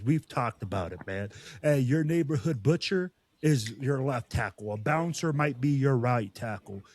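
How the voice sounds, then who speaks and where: A man's voice: medium pitch, animated, normal speed, few pauses, darkish tone, breathy edge, no echo. A man hosting a podcast interview, talking in a laid-back, conversational way. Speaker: podcast host. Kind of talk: casual interview chat.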